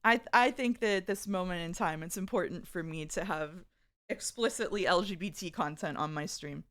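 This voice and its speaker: A woman streamer with a lowish, fairly bright voice talks a little fast as she chats casually with her viewers. She reads their messages aloud and giggles often, keeping the live-stream conversation chatty.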